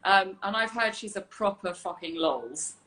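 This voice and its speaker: A woman's voice: medium pitch, animated, moderate pace, pushed and bright. A woman musician chatting as a guest on a livestream, effusive and full of fillers. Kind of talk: casual chat on a livestream.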